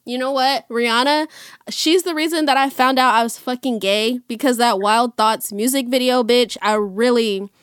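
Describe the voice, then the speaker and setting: A woman on a podcast, chatting bluntly and playfully, swearing freely and breaking into laughs. Her voice sits a little high. The sound is close and dry. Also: moderate pace, fairly bright tone, clean tone, no room sound. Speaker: podcast co-host. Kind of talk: casual chat.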